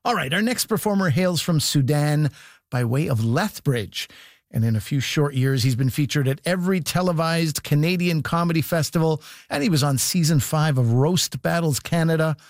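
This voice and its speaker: A man's voice: fairly high pitch, moderate pace, no echo, studio quality. A man hosting a comedy show, introducing the next performer with an announcer-style build-up.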